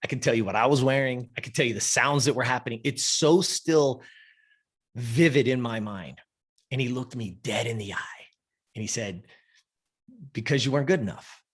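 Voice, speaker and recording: A man's voice: medium pitch, moderate pace, slightly rough. A man in his fifties, a podcast guest, telling a personal story in a casual, emphatic and profane way. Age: 50s.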